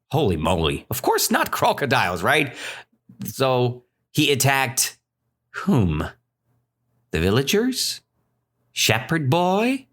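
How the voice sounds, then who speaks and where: A man from Russia with a Russian accent, teaching English by telling a story and checking in with "right?" after almost every phrase. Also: fairly low pitch. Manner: animated, keeps checking in with "right?".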